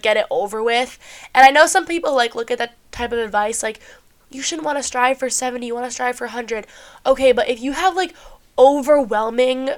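A woman's voice: a little high, clear, resonant tone. A young woman hosting a podcast, sounding a bit stuffy, chatting casually about self-help and swearing freely with lots of "like". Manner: chatty, swears often, heavy use of "like". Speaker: podcast host.

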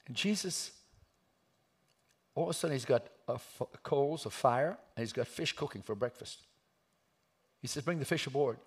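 Gravelly husky preacher guy, gets real quiet then loud, acts out the story. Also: mid-range voice, expressive, moderate pace, long pauses. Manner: dramatic, swings from hushed to shouting while acting out the story. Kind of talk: sermon storytelling.

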